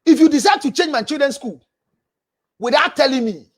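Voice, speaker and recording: Brisk and animated, with a very high-pitched voice, a male counselor with a Ghanaian accent hosts a livestream, scolding with energy as he reads viewers' messages out.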